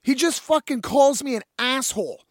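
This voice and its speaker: A young man and independent musician telling a story in a casual, animated way, swearing freely and addressing listeners as folks. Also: very high-pitched, moderate pace, no room sound, clean studio sound.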